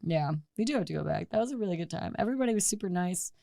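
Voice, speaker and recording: A woman's voice: on the low side, rapid-fire, vocal fry, no room sound, studio quality. A woman hosting a casual podcast chat, swearing freely and acting out the people in her stories. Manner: swears freely, acts out quoted people in animated story-telling. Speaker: podcast host.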